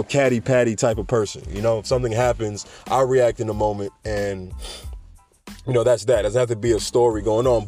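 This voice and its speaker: A man's voice: medium pitch, warm tone. A male podcast host with a middle-range voice talks in a loose, rambling monologue. He wanders into side tangents and chuckles between thoughts, with faint music under him. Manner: rambling, digressive, chuckles often.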